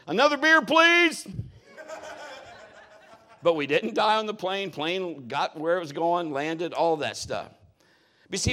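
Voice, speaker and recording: A middle-aged man preaching a sermon as a pastor, telling stories in an animated way with big swings in his voice. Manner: animated storytelling with lively swings in pitch.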